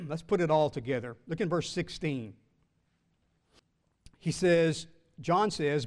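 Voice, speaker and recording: A male pastor preaching a sermon, calling out questions for the congregation to answer and slowly drawing out key words. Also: fairly high pitch, lively intonation, a little mellow.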